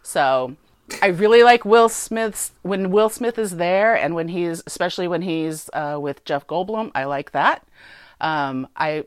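Low-voiced, emphatic woman co-host. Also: no room sound, studio quality. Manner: animated, emphatic, many fillers and repetitions. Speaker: podcast co-host. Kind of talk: casual movie review chat.

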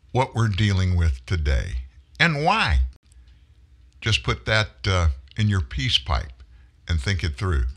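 A man's voice: sits low, bright, forceful tone. A man hosting an opinion talk show, talking in an emphatic, preachy way.

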